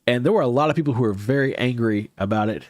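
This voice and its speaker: A man's voice: mid-range voice, fast, no echo. A man hosting a casual livestream, chatting with viewers in a rambling, hesitant way with many restarts, his nose a bit stuffy. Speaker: livestream host.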